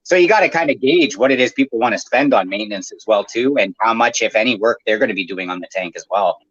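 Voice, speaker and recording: A Canadian man who owns an aquarium maintenance service chats on a podcast, his lowish voice expressive, fast and a bit bright with a breathy edge. He explains at length in a casual way, with plenty of fillers. The recording is dry, with the highs cut off.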